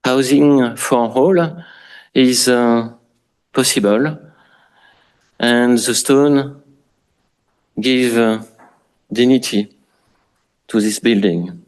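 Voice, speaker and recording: A man with a French accent, a native French speaker, giving an architecture lecture in English with frequent pauses and restarts. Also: medium pitch. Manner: halting, many fillers and restarts. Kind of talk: public lecture.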